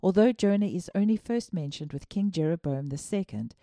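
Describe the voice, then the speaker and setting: A woman's voice: fairly low pitch, lively intonation, brisk, warm tone, no echo, clean studio sound. Dramatic woman Bible storyteller. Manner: dramatic, preacherly storytelling with moral asides. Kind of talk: scripted narration.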